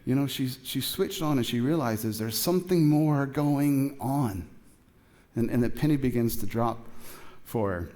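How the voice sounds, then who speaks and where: A middle-aged man preaching a sermon in a casual, chatty way, acting out both sides of a dialogue with lively shifts in voice. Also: mid-range voice, a little slow. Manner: casual, chatty, with many fillers and asides. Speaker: pastor.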